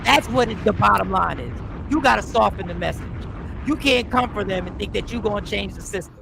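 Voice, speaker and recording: A man hosting a talk show, arguing his point forcefully in a heated panel debate and interrupting often. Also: high voice, lively intonation, fairly quick, gravelly, background noise. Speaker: show host.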